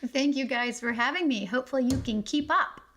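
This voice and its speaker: A middle-aged woman from South Carolina with a mostly neutralized Southern accent, talking quickly and energetically as an interview guest. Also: high voice, fairly bright tone, slight background noise. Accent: mild Southern, mostly neutralized. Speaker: guest, business coach. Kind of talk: fast-paced interview talk.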